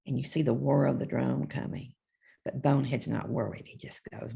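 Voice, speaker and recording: A woman's voice: rumbling low, fairly even intonation, normal speed, vocal fry, dark tone, slightly rough. An older woman, the book's author, reading a children's picture book aloud live, chatting between pages and giving the characters little voices. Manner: chatty, reads character lines with small voice shifts and asides.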